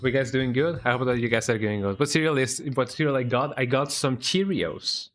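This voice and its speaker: A man chats while he streams a video game, with a casual, rambling flow that keeps ending on "eh?". His voice sits in an ordinary middle pitch. Soft game music plays faintly underneath. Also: brisk. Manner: relaxed, rambling, tags lines with "eh?". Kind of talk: casual live-stream chat while gaming.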